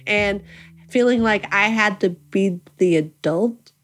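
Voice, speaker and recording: A woman in her thirties telling a personal story in a casual, animated way, acting out what people said. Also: medium pitch, moderate pace. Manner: animated, acts out quotes, laughs. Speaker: interviewee, new mother.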